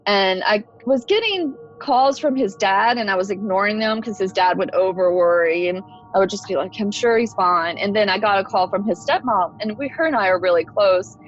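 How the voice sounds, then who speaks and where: A woman's voice: mid-range voice, expressive, moderate pace, faint music behind. Podcast guest: conversational woman in her forties, recounting her own story, heard on a somewhat dull recording. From Texas. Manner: conversational, many "like" fillers. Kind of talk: personal storytelling.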